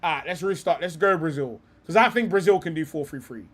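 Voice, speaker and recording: Talking football on his live stream, this young man gets heated and rambles, cursing frequently and addressing people as bro. He speaks briskly in a slightly high, somewhat bright voice.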